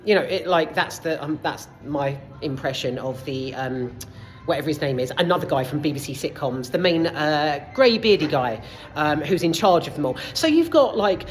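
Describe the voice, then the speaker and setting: Animated, rambling woman reviewing films. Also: sits low, moderate pace, faint music behind. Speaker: film reviewer. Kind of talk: casual spoken film review. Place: cinema foyer.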